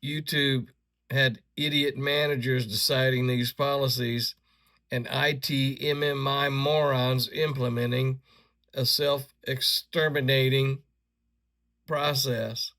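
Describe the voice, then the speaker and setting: A man's voice: mid-range voice, steady tone, pushed and bright. A man ranting angrily to camera, indignant and insulting, often stumbling over restarts as he works himself up. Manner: halting restarts when agitated. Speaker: video creator. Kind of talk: angry ranting commentary.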